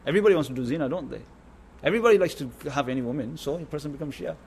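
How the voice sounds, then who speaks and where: Male preacher, slightly higher voice, informal sermon to a gathering, repetitive, keeps checking in with listeners. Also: very fast, vocal fry, a little mellow, breathy edge. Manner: repetitive, keeps asking "understand?". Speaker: religious teacher. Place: religious gathering.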